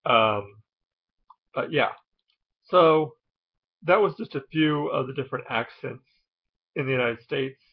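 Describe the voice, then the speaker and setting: A man explaining something in a casual, halting way, with frequent ums and uhs. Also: mid-range voice, slightly rough, dull audio. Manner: hesitant, many ums and uhs. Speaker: video host.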